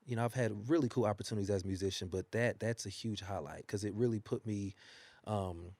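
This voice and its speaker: A man's voice: fairly low pitch, brisk, no room sound. A man, a working singer, talking about his career in a casual interview and telling stories with frequent laughter. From United States. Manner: animated storytelling, laughs often. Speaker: singer and guest. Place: newspaper studio.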